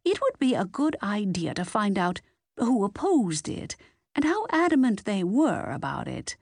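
A woman reading the part of an older woman friend who reasons things out briskly. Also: medium pitch, big pitch swings, creaky, darkish tone, no room sound, studio quality, voice pushed up, heavily acted.

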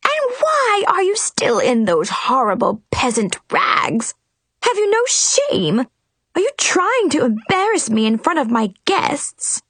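A woman's voice: high-pitched, wildly swooping pitch, slow pace, a bit bright, dry recording, pitched above the performer's own voice, full character voice. A woman voicing a vain, furious queen in a storybook reading, shrieking her words.

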